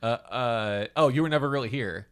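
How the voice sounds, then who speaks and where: A man's voice: mid-range voice, moderate pace, clear, resonant tone. A man co-hosting a movie podcast, chatting playfully and acting out his reactions. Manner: animated, playful, acts out reactions. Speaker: podcast co-host. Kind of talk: casual chat. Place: studio.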